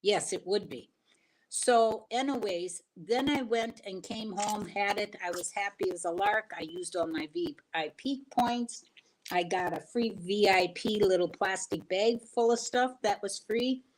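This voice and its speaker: An older woman chats on a livestream in a middle-pitched voice. She tells stories in a folksy, rambling way, winding through each detail as she goes. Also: measured pace, slight background noise, low-quality recording. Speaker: regular guest co-host. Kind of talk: casual livestream chat.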